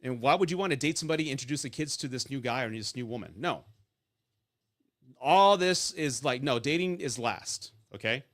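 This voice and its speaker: A man's voice: medium pitch, fairly bright tone. A man hosting a live advice stream about divorce and dating, talking bluntly and casually, telling stories and checking in with "right?". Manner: blunt, profane, storytelling with lots of "right?".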